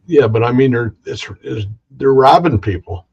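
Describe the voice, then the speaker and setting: A man casually interviewing a guest over a remote connection, halting and full of restarts. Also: mid-range voice, lively intonation, creaky, a little mellow, breathy edge, highs cut off.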